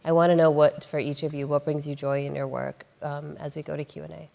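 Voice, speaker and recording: A woman moderating a panel discussion who asks brisk, conversational follow-up questions. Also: low voice, little pitch movement, gravelly, dark tone. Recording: reverberant hall.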